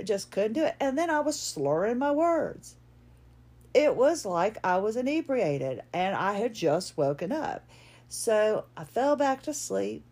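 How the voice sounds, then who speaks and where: A woman's voice: mid-range voice, darkish tone. Chatty woman rambling on. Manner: chatty, rambling, frequent restarts and laughs. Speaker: podcast host. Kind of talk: casual personal monologue.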